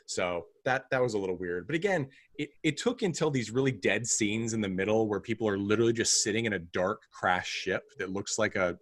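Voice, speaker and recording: A man in a relaxed film podcast, talking in a meandering way full of restarts and wry jokes. His voice sits low, and the sound is dry and close with no room around it. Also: dry recording. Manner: rambling, self-interrupting, wry. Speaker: podcast co-host. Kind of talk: casual film review chat.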